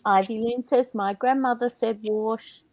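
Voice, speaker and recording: A woman's voice: fairly high pitch, steady tone, measured pace, darkish tone, dry recording. An Australian woman co-hosting a craft chat, chatty and laughing often as she reads out viewer comments. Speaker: craft show co-host. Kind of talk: casual chat while crafting.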